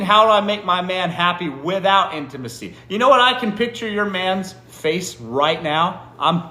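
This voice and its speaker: A man's voice: high-pitched, lively intonation, normal speed, few pauses, sharp tone, roomy sound. A man hosting a live stream, giving blunt, teasing advice to viewer comments and often asking "what?" in disbelief. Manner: blunt, swears freely. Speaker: livestream host answering viewer comments. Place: indoor room during a live stream.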